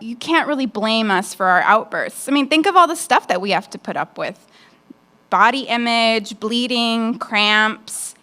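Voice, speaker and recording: A woman's voice: fairly high pitch, fairly bright tone. A woman performing a stand-up comedy set on a nightclub stage into a handheld mic, with a brash, frank, conversational delivery.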